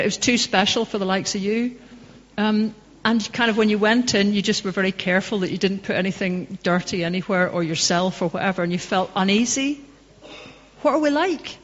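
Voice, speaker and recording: A woman from Northern Ireland answering audience questions after a public talk, conversational and passionate, telling anecdotes. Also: medium pitch. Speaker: guest speaker. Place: public hall. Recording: dull echoey hall recording.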